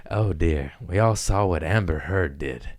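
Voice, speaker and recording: A man's voice: low voice, unhurried. A man hosting a comedy podcast, rambling through a casual, profane monologue and laughing at his own jokes.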